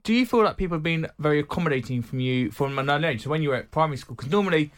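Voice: medium pitch, lively intonation, rapid-fire. An interviewer asking long, rambling questions in a casual, conversational way.

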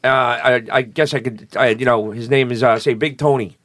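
A man's voice: medium pitch, fairly even intonation, normal speed, a bit bright, no room sound. A man hosting a casual chat, telling long rambling stories with crude language and many restarts.

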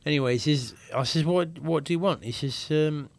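A man's voice: fairly high pitch, brisk, vocal fry. A man co-hosting a comedy podcast, rambling through an improvised comic anecdote and putting on voices for the people in it.

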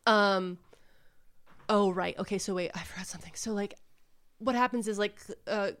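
Animated woman host retelling a story. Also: mid-range voice, normal speed, smooth. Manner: animated storyteller acting out quotes, says "like" often. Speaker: book club podcast host. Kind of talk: casual chat retelling a novel.

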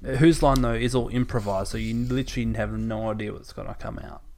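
A man's voice: medium pitch, fairly even intonation, brisk, creaky, a little mellow, a little hiss or hum. A man with an Australian accent, co-hosting a casual podcast with a friend. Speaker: podcast co-host. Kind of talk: casual chat.

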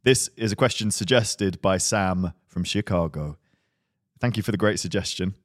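A man's voice: low voice, moderate pace, no room sound, studio quality. A man co-hosting a cycling podcast in casual chat, joking and giggling. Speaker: podcast co-host.

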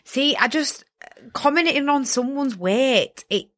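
Young West Yorkshire woman, podcast co-host, frank and blunt, bright, forceful voice. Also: high voice, expressive, slow pace. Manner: frank, reacts with blunt remarks. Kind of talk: casual podcast chat.

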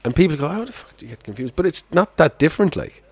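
A man's voice: on the high side, sing-song, fast, slightly rough, no echo. A man co-hosting a comedy podcast, teasing the others and explaining his ideas step by step. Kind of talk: casual chat.

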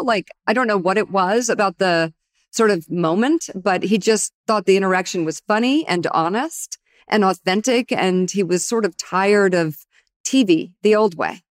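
A middle-aged woman tells a career story in an animated, conversational way, slipping into the voices of the people she quotes. Her voice is recorded close and dry, with no room sound. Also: medium pitch, normal speed, no room sound. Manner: animated, acts out quoted dialogue. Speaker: guest, TV news anchor.

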